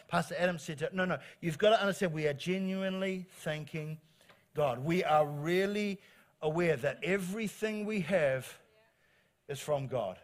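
Encouraging New pastor, somewhat high voice. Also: male voice. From New Zealand. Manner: animated, encouraging, repeats phrases for emphasis. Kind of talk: sermon.

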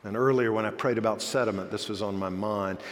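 A man's voice: fairly low pitch, steady tone, fairly quick, big-room sound. A male pastor preaching a sermon in a conversational, self-deprecating manner.

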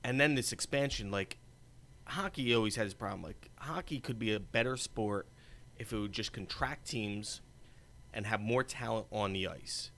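A man's voice: on the low side, moderate pace, vocal fry, a bit bright. An American man co-hosting a podcast in casual chat, rambling, restarting and trailing off mid-thought. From United States. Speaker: podcast co-host.

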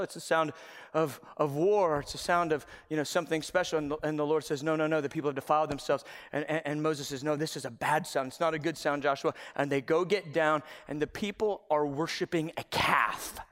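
High-voiced pastor preaching in a reverberant hall. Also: male voice. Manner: animated storytelling, acting out Bible figures with shouts. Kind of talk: sermon. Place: church sanctuary.

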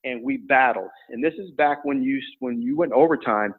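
A man's voice: mid-range voice, normal speed, slightly rough. Middle-aged man telling stories over a tinny line. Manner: relaxed, rambling storyteller with many fillers. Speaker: former college wrestler and coach. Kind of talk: storytelling in an interview.

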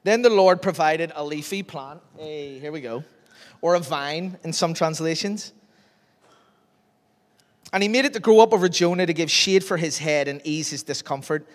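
A man preaching a sermon, telling a Bible story in a lively way and acting out its scenes. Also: fairly high pitch, moderate pace. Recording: long reverb of a large hall.

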